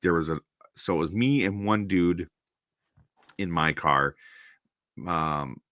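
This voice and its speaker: A low-voiced man from Minnesota telling a winding story with lots of fillers and false starts. He is close to a dry mic with no room sound, and he throws himself into quoting the people in the story. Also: takes it slowly, dry recording. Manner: rambling, animated anecdote with quoted voices. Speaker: host. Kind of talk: casual storytelling on a stream.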